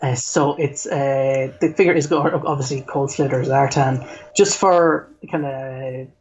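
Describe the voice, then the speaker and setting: A man's voice: mid-range voice, steady tone, unhurried, darkish tone. Rambling man on a lo-fi podcast line. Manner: rambling, many fillers and restarts, self-deprecating. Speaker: podcast guest. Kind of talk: casual podcast chat. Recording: dull lo-fi recording.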